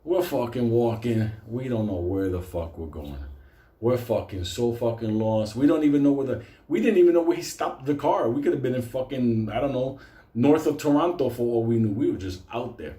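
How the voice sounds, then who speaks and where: A man of middle pitch spins a comic tale in casual, animated talk. He swears constantly and laughs through his own lines. The sound has a roomy echo. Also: normal speed. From Puerto Rico. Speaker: storyteller.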